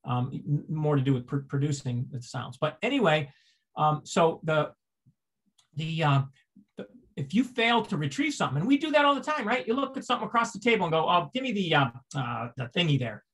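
A man's voice: on the high side, animated, brisk, a bit bright, husky. A man giving a seminar lecture, explaining step by step, asking rhetorical questions and restarting phrases as he goes.

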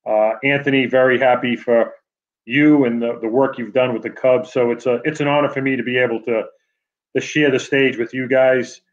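A man with a New England accent giving an award acceptance speech over a video call, halting with many fillers and restarts. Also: medium pitch, fairly even intonation, dull audio. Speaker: award honoree.

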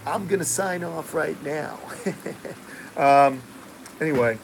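A middle-aged man with a New York accent answers live chat in a relaxed, joking way, full of uh fillers. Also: on the high side, slow pace, slight background noise, rough recording. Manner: relaxed, chatty, many uh fillers, jokey asides. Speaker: reptile keeper and channel host answering live chat. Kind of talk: casual live-stream chat.

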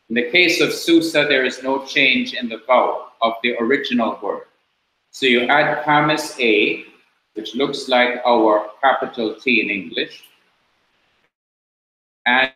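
A man teaching a class, explaining slowly and patiently and repeating key points. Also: medium pitch, pushed and bright. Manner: slow, patient explaining with repetition. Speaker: preaching school teacher. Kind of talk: classroom lecture. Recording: very echoey classroom.

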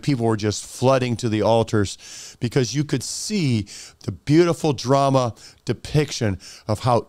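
Male pastor, animated sermon storytelling, smooth voice, dry close sound. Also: mid-range voice, no echo.

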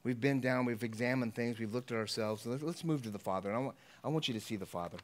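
Brief: middle-aged male pastor, informal preaching, mid-pitched, often asks the room if they follow. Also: fast talker. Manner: conversational, repeats words, checks in with the congregation. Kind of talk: sermon.

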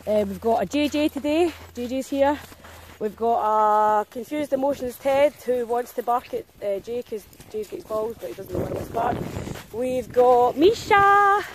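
Walking her pack through the snowy, muddy countryside, this professional dog walker narrates a casual vlog, laughing often as she teases and calls to the dogs. She speaks at a normal speed in a higher, darkish voice, and there's a slight hiss or hum.

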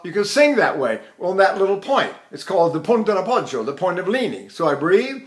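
An older man teaching vocal technique, explaining calmly and breaking into operatic tenor singing and short staccato exercises. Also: sits high, fairly quick, hardly any pauses. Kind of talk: vocal technique lesson with sung demonstrations.

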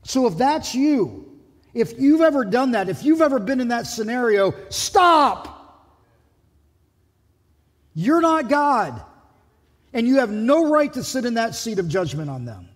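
A male pastor preaches in a church, his fairly high voice husky and a little breathy. He talks animatedly and slips into quoted voices. A long hall reverb trails his words. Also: sing-song, moderate pace, a little mellow. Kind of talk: sermon. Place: church sanctuary.

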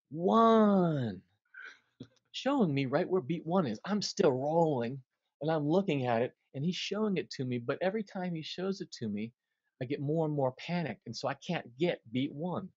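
A man's voice: fairly high pitch, a little fast, no echo, lo-fi sound. A man, a drummer, telling a story in an interview and acting out the quotes. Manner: animated storyteller, acts out quotes.

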